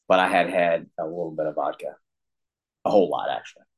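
Man, deep voice, middle-aged, candid storyteller, rambling, self-deprecating, restarts sentences. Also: fairly even intonation, fast, breathy edge, rough recording. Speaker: guest sharing recovery story.

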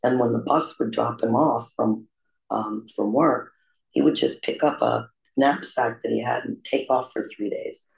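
A man with a gravelly, rough-edged voice tells his own life story in a confessional, self-deprecating way, pausing often on "um". His pitch sits at an ordinary middle height. The recording carries a roomy echo. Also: steady tone. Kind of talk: candid personal recovery story.

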